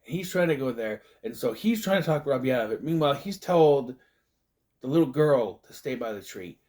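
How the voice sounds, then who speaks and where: A man recapping a movie in a loose, casual way, often slipping into quick put-on voices to act out the scenes. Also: mid-range voice, animated, darkish tone. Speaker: movie reviewer.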